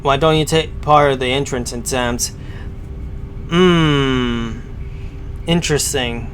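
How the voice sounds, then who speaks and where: A man's voice: mid-range voice, slow, fairly bright tone, a little hiss or hum. A man giving casual live-stream commentary as he reacts to a story, rambling and hesitant with many fillers.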